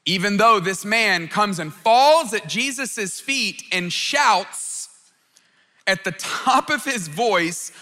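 A man's voice: high-pitched, big pitch swings, slow, sharp tone, long reverb tail. A man preaching a sermon in an earnest tone, who often stammers and repeats words as he restarts a phrase. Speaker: pastor.

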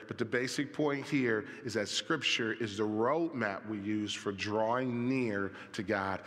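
A man preaching a sermon as pastor, moving from calm teaching to rousing, shouted fervor. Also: medium pitch. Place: large church sanctuary. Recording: long church hall reverb.

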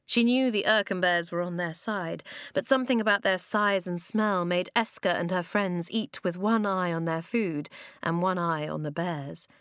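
A woman with a fairly low voice reads a children's storybook aloud. Her telling is measured and she slows down for emphasis. The recording is close and dry. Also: a bit bright, clear, resonant tone, no room sound. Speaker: audiobook narrator. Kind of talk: storybook narration.

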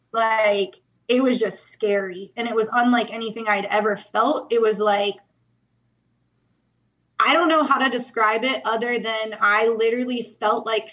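A young woman tells her story as a podcast guest, earnest and emotional, with a slightly raised pitch. Her speech is full of "like" fillers. The recording is a little dull and muffled. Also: a bit bright. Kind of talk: personal testimony in a podcast interview.

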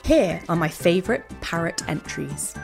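A woman hosting a children's podcast, reading a scripted narration in a bright, enthusiastic storytelling way. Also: lowish voice, animated, normal speed, creaky, faint music behind. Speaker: host.

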